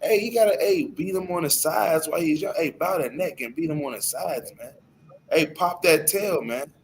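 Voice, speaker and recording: A man's voice: a little high, normal speed, a little hiss or hum. A man leading a casual scripture discussion, loose and emphatic, peppering his speech with "hey" and "man". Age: adult. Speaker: class speaker.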